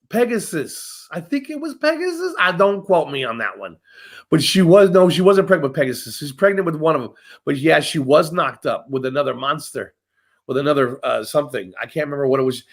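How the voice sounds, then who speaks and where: Profane, animated man telling myths. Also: fairly high pitch. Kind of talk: casual storytelling chat.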